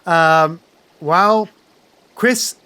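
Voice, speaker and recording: A man running a tabletop role-playing game, laying out scenes and calling rulings in an easygoing tone. His voice sits a little high for a man. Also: drawn-out words, crowd noise. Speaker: game master.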